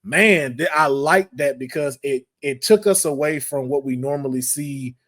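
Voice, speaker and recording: A man hosting a casual podcast chat, talking in slangy, animated bursts and acting out quotes in playful voices. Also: a little high, normal speed. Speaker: podcast host.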